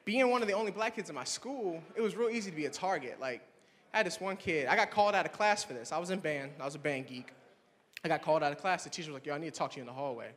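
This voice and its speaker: A young man with a fairly high voice does stand-up, telling his stories with animated play-acting of the people in them. His voice rings out with a long reverb tail from a campus hall. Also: fast talker. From Swannanoa, North Carolina. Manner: animated storytelling, acting out friends in higher voices. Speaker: stand-up comedian. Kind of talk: stand-up comedy set.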